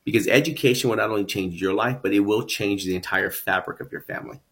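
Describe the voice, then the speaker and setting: A man with a fairly low voice speaks as a guest in an interview. He recounts his life earnestly and reflectively, repeating words as his thoughts build. Nothing here is acted; it is his own voice, talking plainly. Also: quick pace, a bit bright. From San Antonio, Texas. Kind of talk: personal storytelling interview.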